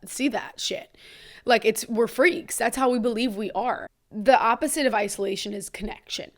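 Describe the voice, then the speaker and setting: A young woman hosting a solo podcast and talking straight to her listeners. She speaks bluntly and candidly, and she swears freely. Her pitch sits in the middle range for a woman. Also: a bit bright. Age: young adult. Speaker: podcast host.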